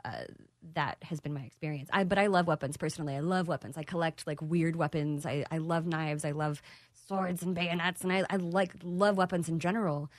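A woman's voice: low voice, steady tone, fairly quick, no room sound. A woman from Texas as a guest, speaking thoughtfully with frequent hesitations. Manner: thoughtful, hesitant, many fillers. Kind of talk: casual interview.

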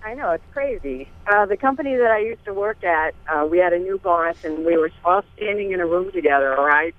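A woman's voice: fairly low pitch, expressive, a little fast. A woman calling into a radio show to tell a story, chatty and laughing. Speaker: caller. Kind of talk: phone-in story. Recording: tinny phone line.

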